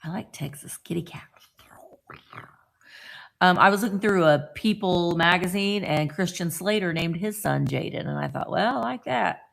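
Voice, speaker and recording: Middle-aged woman, casual live-stream host, low gravelly voice, greets every viewer by name. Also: normal speed, hardly any pauses, fairly bright tone, a little hiss or hum. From Indiana.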